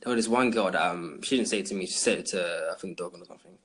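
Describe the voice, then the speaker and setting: Husky young man, laid-back. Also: low voice, rapid-fire, a bit bright. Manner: laid-back, rambling storyteller. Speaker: podcast host. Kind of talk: casual chat.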